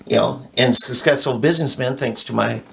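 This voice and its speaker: Gravelly man with a Minnesota accent. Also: mid-range voice, fairly quick, fairly bright tone, slight background noise. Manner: explanatory, history lecture tone. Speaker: co-host. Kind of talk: casual political talk.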